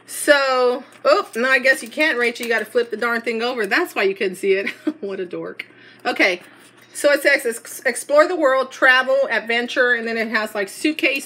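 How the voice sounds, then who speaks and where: A woman's voice: a little high, bright, forceful tone. A middle-aged woman, chatting and gushing as she shows a store haul in a casual vlog. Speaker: haul vlogger.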